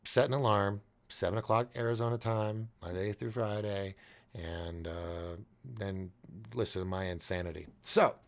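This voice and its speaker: Rambling, gravelly man hosting a live show. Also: lowish voice, steady tone, moderate pace. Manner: rambling, jokey, laughs at himself. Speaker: host of a nightly call-in show. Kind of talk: casual live-show monologue.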